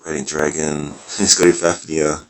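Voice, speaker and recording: A man's voice: a bass voice, little pitch movement, measured pace. A man casually talking through card game decks, rambling and correcting himself as he thinks aloud, his voice a little worn. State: losing his voice. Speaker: mobile game video creator. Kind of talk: casual gameplay commentary.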